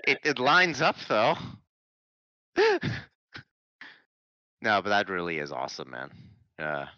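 Low-voiced man host on a dull mic. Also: huge pitch swings, slow pace, bright, forceful tone, no echo. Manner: laid-back, joking, reads questions from the chat. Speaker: podcast host. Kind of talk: casual chat.

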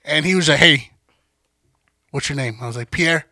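A man's voice: a little high, fast talker, dry recording, studio quality. A young man casually telling a profane party story, acting out what everyone said and laughing often. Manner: animated, acts out quotes, laughs often. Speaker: podcast guest storyteller.

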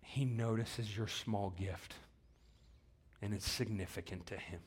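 Male pastor, sermon delivery, earnest, low register, emphatic scripture reading, repeats lines for weight. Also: fairly even intonation, measured pace, slightly rough. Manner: repeats key phrases for weight.

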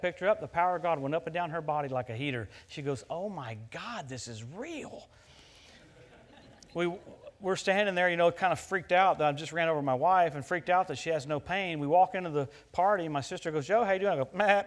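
Animated middle-aged male preacher. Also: on the high side. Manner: animated storytelling, rising loud at punchlines. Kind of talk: sermon with personal story.

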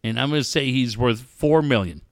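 A man's voice: mid-range voice, a little fast, dry recording, studio quality. A man hosting a casual talk show who swears freely and exclaims a lot. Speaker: host. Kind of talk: casual chat.

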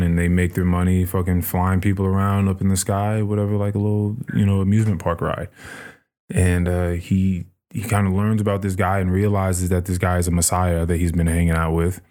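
Low-voiced man telling a story, swearing. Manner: animated, profane storytelling. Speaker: podcast host. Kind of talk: casual chat.

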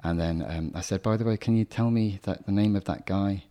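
A young adult man, a poet, answering interview questions in a soft-spoken, hesitant way with frequent restarts. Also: low voice, a little fast, highs cut off. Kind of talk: reflective conversational interview.

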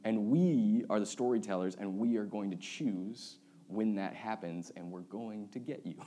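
A young man gives a relaxed sermon from the pulpit. He talks like he's chatting with friends, mixing jokes and personal stories into his preaching. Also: fairly low pitch, measured pace, slight background noise. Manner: casual, storytelling, joking with the congregation. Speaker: pastor. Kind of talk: conversational sermon.

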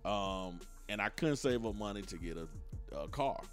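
Animated storytelling man. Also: lowish voice, moderate pace, soft background music. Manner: rambling storyteller, acts out quotes. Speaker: podcast co-host. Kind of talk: casual group chat.

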